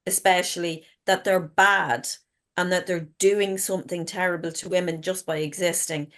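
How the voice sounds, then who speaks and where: A woman's voice: fairly low pitch, fairly even intonation, moderate pace, fairly bright tone. A middle-aged woman, a guest author telling stories frankly in casual chat and swearing freely. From Ireland.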